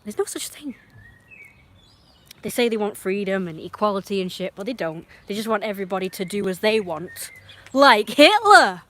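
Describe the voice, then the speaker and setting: Woman, middle pitch, livestream rant, blunt, swearing, rambling, muttering then loud outbursts.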